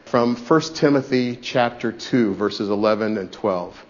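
A man preaching a sermon as pastor, swinging between loud, urgent lines and hushed ones. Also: on the low side, a little slow, hardly any pauses, muffled recording.

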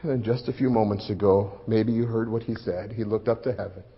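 A man playing a grieving male disciple in a dramatic first-person sermon, swelling loud for the crowd and sinking hushed and low. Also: fairly even intonation, fairly quick, husky. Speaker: preacher in first-person monologue. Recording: muffled lo-fi recording.

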